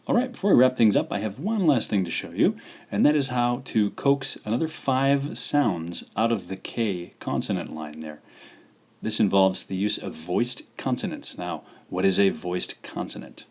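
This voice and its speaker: This language teacher speaks with a lowish, animated voice of darkish tone. Working from a script for a video lesson, he sounds out syllables slowly and with care, saying each one again.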